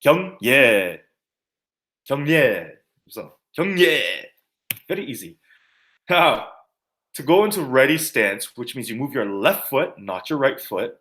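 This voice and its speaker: An animated male martial arts instructor teaches basic terms with playful memory tricks. His pitch swings widely as he jokes and demonstrates, and his delivery is loose and conversational. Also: normal speed. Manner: animated, jokey, sings and mimics to teach words. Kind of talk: teaching terminology with playful mnemonics.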